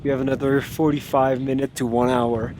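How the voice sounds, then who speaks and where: A man vlogging outdoors high on a mountain, out of breath and cheering his group on. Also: level tone, a little fast, noisy background. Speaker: travel vlogger. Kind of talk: casual on-camera vlog commentary. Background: music.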